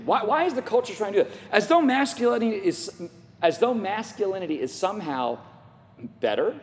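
A man's voice: sits high, sing-song, a little fast. A middle-aged male pastor preaching an emphatic sermon, full of rhetorical questions, with his voice sometimes catching with emotion. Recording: long hall reverb.

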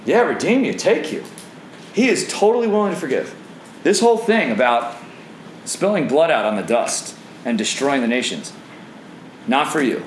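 Guy preaching in an echoey room, goes low and grave then way up high, super animated, asks the room stuff. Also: slight background noise. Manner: emphatic, swings from low and grave to high and excited. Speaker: preacher teaching a Bible class. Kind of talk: sermon with questions to the audience.

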